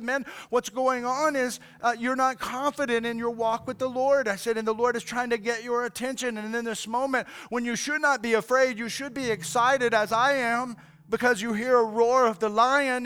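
A man's voice: extremely high pitch, fairly even intonation, fairly quick, fairly bright tone, smooth. A middle-aged male pastor preaching a sermon in a casual, fired-up way, often saying "man" and "like".

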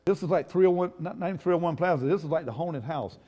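A middle-aged male pastor preaching a folksy sermon, calling on the congregation to answer and building to loud, emphatic peaks. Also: fairly high pitch, fast, lo-fi sound. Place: church. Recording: long reverb of a church hall.

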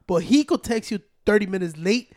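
A man with a mix, telling profane, animated stories in a casual chat among friends. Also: high voice, a little fast. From Mexican family, living in Chicago. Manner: profane, animated storytelling with code-switching.

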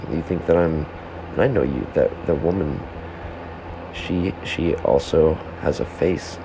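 At home, a man with a rumbling low voice hosts a solo podcast, speaking a little slowly. He rambles to himself, interrupting and heckling himself as he goes, while a fan hums in the background.

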